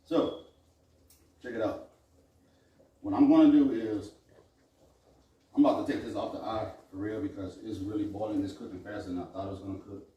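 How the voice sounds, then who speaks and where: Low-voiced joking man cooking in an echoey kitchen. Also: steady tone, normal speed, long pauses, warm tone, distant mic, dull audio. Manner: chatty, joking asides to viewers. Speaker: cooking show host. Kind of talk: casual cooking demonstration.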